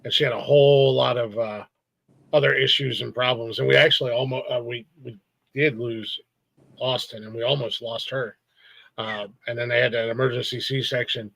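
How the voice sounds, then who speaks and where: A middle-aged man on a casual podcast, his gravelly voice recorded dry and close. He stops and restarts often, filling the gaps with "uh" and "like". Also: medium pitch, fairly even intonation, fairly bright tone, no echo, low-quality recording. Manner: rambling, halting with many fillers. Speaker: podcast co-host.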